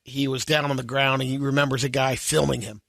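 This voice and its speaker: A man hosting a podcast, briskly recapping entertainment news stories in a casual way. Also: medium pitch, little pitch movement, creaky, a bit bright, no echo, clean studio sound.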